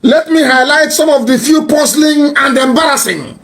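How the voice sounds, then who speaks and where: A man delivering an impassioned, mocking political tirade that rises to shouts. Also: very high-pitched, moderate pace. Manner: mocking, scornful, rising to shouts.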